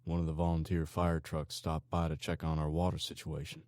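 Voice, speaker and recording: A man's voice: a bass voice, level tone, fairly quick, darkish tone, dry recording, studio quality. A man voicing a serious, plain-spoken husband and father.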